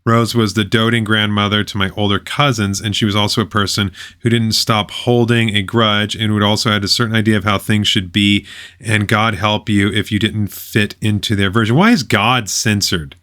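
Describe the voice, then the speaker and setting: A man's voice: on the low side, fairly even intonation, normal speed, fairly bright tone, smooth. A man reading a web page aloud and commenting on it, with sarcastic, mocking asides.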